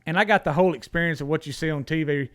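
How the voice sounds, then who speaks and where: A man, a podcast guest, recounting his past in a raised, fairly high voice. His talk is blunt and full of swearing, and he often stumbles and restarts his words. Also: rapid-fire, fairly bright tone. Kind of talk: casual storytelling.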